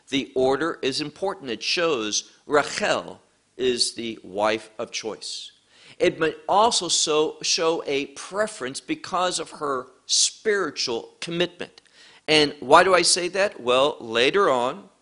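A man teaching an evening Bible study, reading scripture aloud and slowly explaining the Hebrew words. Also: medium pitch, a bit bright. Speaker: pastor.

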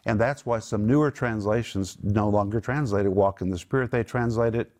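A man's voice: lowish voice, fairly quick, a little mellow. A man teaching the Bible to a small group, emphatic, lifting his voice to stress his points.

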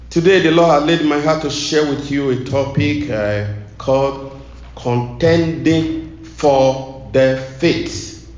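Guy preaching a sermon, slow rhythmic repeats, kinda high voice, roomy echo. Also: darkish tone. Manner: rhythmic, repetitive preaching cadence.

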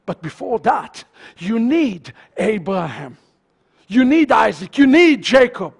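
A male pastor preaching a sermon to his congregation, swinging from loud fervent shouts to hushed, near-murmured lines. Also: high voice, very animated, slow, gravelly, slightly rough. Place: congregation's sanctuary.

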